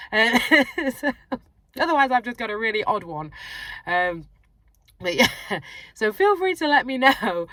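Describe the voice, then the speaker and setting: A middle-aged woman, a sleep coach and mum, chatting casually and tiredly to camera from her car, animated and quick to laugh. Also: on the high side, dry recording. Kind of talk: casual vlog chat. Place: parked car.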